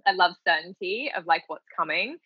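A woman's voice: lowish voice, a little fast, husky, no room sound, highs cut off. A woman life coach chatting casually on a podcast, telling stories animatedly and laughing often. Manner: animated storyteller who acts out quotes and laughs often. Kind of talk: casual chat.

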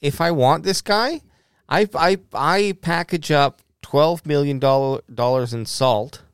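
A man's voice: a little high, unhurried, clean tone, no echo, clean studio sound. A man co-hosting a casual podcast, talking in a profane, playful way. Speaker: podcast co-host. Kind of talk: casual chat.

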